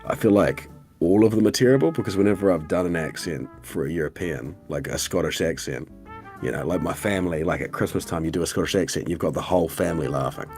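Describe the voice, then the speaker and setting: Low-voiced male co-host with a New Zealand accent, rambling and chatty. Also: fast, a little mellow, soft background music. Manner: rambling, laughs between words, fillers. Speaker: stream co-host. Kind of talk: casual live-stream chat.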